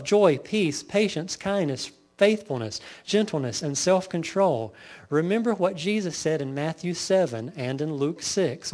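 A man preaching a sermon, firing off lists and rhetorical questions to his congregation. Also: a little high. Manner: lively preaching, lists sins in rapid bursts, rhetorical questions. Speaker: pastor.

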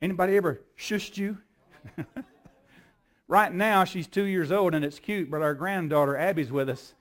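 High-voiced, emphatic older preacher. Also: male voice, moderate pace, a bit bright. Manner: emphatic, repetitive preaching cadence. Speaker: pastor. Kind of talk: sermon.

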